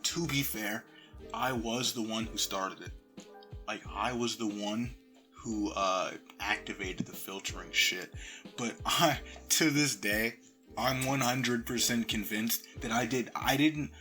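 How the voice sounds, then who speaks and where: Young guy telling a story into his phone, kinda low voice but punchy, swears a lot, goes quiet and whispery sometimes. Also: slow pace, faint music behind. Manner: profane, animated retelling that drops to murmurs and whispers. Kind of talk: casual story time.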